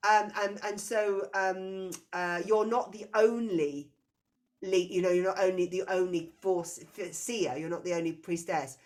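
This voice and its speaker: A woman's voice: mid-range voice, steady tone, unhurried. A woman giving a past-life reading to a client, talking intensely and circling back as she searches for words. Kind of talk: spiritual reading session.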